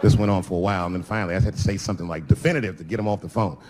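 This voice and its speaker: A man's voice: sits low, fairly even intonation, racing, darkish tone. A middle-aged man doing stand-up storytelling on stage, profane and conversational, slipping into the voices of people in his stories. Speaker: stand-up comedian. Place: comedy stage before a live audience.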